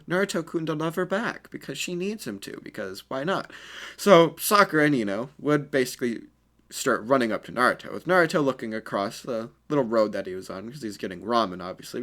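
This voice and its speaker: A man's voice: mid-range voice, a bit bright. A man improvising a fan story in a rambling, crude and self-conscious way.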